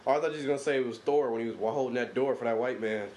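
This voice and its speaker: A man's voice: medium pitch, very fast, noisy background. A man from co-hosting a podcast, telling loose, slangy, profane stories and jokes in casual chat. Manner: loose, joking, slangy storytelling. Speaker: podcast co-host.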